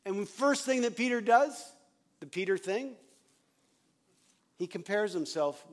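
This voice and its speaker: A man's voice: sits high, animated, unhurried, long pauses. A male pastor giving a sermon in an emphatic, repetitive way, often chuckling.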